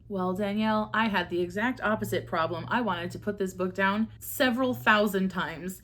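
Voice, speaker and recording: A woman's voice: mid-range voice, normal speed, a bit bright. A young woman vents in a casual book-review vlog. Her delivery is sarcastic and exasperated, with frequent swearing and bursts of laughter.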